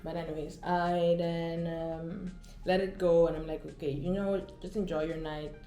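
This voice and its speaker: A woman's voice: on the low side, little pitch movement, normal speed, warm tone, reverberant, soft background music. A woman vlogger chatting casually outdoors, telling a concert story with many fillers and acted-out quotes, recorded on a phone. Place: outdoors, walking in the Netherlands.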